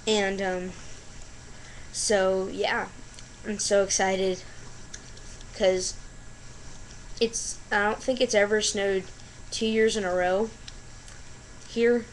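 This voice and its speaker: A woman vlogging casually to camera at home at night, gushing and excitable, full of filler words. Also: mid-range voice, slow pace, long pauses, slight background noise, rough recording.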